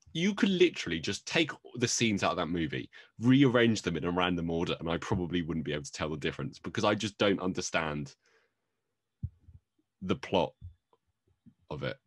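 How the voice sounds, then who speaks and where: A man's voice: sits low, lively intonation, brisk, slightly rough, no room sound, clean studio sound. A man co-hosting a podcast, chatting casually with rambling, joking asides. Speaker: podcast co-host. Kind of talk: casual chat.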